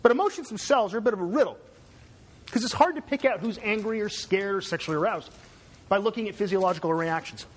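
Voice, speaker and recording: A man's voice: sits high, quick pace. A man from Canada giving a conversational university lecture, digressive and checking in with "right?".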